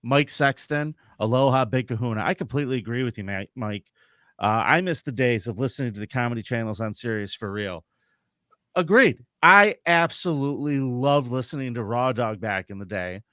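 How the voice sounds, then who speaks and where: A man's voice: medium pitch, expressive, moderate pace, fairly bright tone, no room sound. Joking male podcast co-host, dry sound. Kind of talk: casual podcast chat, reading chat messages.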